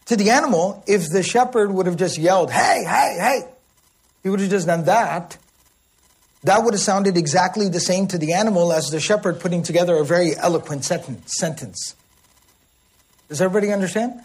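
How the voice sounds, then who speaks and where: Husky man teaching a religious lesson. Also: high voice, a little mellow. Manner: explanatory, checks in with listeners often; recites Arabic passages quickly. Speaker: Quran teacher. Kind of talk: religious lesson explaining Arabic words.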